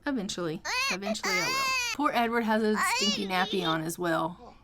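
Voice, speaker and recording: A woman's voice: mid-range voice, wildly swooping pitch, brisk, very noisy. A woman casually narrating her gameplay in a chatty, rambling way with frequent ums. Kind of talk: casual let's-play narration.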